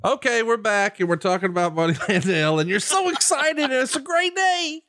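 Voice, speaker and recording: A man's voice: very high voice, lively intonation, brisk, a bit bright. A man hosting a podcast in a casual, upbeat, playful way. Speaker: podcast host. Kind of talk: casual chat.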